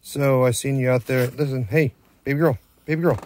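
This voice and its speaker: A man's voice: mid-range voice, steady tone, a little fast, darkish tone, slight background noise. A man teasing and playfully scolding his dog in casual chat at home. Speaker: dog owner filming his pets.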